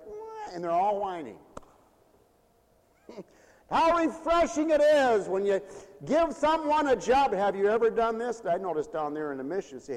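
High, lively preacher in a reverberant hall. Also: male voice. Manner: animated, playful, laughs often, acts out whiny voices. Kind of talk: lively sermon.

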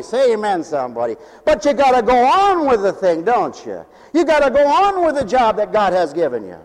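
An impassioned male preacher with a strikingly high voice, calling out to his congregation. He speaks in a church where a long reverb trails after each phrase of his sermon. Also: a little mellow. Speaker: pastor. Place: church sanctuary. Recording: long reverb of a large hall.

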